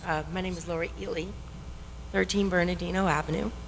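A woman's voice: fairly low pitch, fairly even intonation, a little fast, vocal fry, a little hiss or hum. A woman giving public comment at a town hearing, her voice shaky and weepy, passionate and emphatic, repeating her key points. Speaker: resident speaking at public hearing. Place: town meeting hall. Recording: long reverb in a meeting hall.

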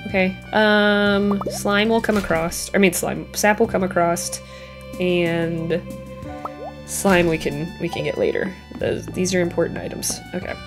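A woman's voice: fairly low pitch, fairly even intonation, measured pace, music in the background. A woman hosting a casual let's-play, chatting, reacting with laughs and talking to game characters, recorded on a headset mic at home. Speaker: gaming channel host. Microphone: headphones with mic.

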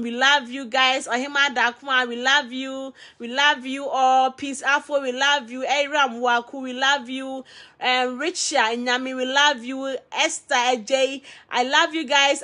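High, bright Ghanaian woman herbal seller. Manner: chatty, greets viewers one by one by name. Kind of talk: live-stream chat.

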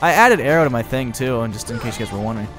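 A young man giving excitable, chatty let's-play commentary, laughing often. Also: medium pitch, very fast, soft background music. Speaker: gaming video host.

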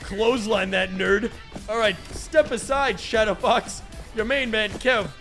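Young male gaming host, high voice, dry sarcastic play-by-play, game music underneath. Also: unhurried. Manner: sarcastic, mocking, sudden excited outbursts. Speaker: gaming YouTuber. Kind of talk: sarcastic gameplay commentary. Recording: music playing behind voice.

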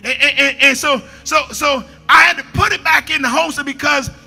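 A man preaching a sermon as a pastor, shouting at the peaks, dropping to quiet asides, and repeating his phrases. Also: very high-pitched, a little fast, gravelly, soft background music.

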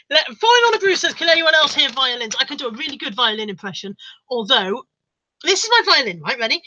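A woman's voice: high voice, big pitch swings, quick pace, bright, forceful tone, muffled recording. A woman hosting a live stream, reading out viewer comments in a playful, mock-dramatic chat. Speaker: livestream host reading chat.

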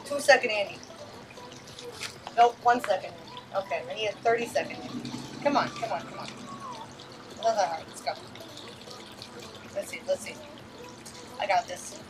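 A woman's voice: medium pitch, normal speed, long pauses. Woman gamer, far from the mic. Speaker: streamer playing a game. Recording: distant mic with background noise.

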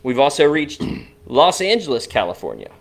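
A man's voice: a little high, moderate pace, creaky. A man co-hosting a casual podcast, animatedly walking through listener numbers and chatting with his partner. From Cincinnati, Ohio area. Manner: animated, walks through download stats. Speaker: podcast co-host.

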